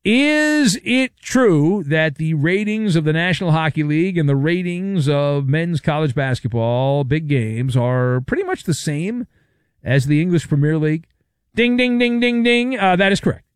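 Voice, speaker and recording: Male sports radio host, slightly high voice, dry studio sound, sarcastic riffing. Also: normal speed, smooth, dry recording. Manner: wisecracking, sarcastic, animated. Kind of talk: sports talk monologue.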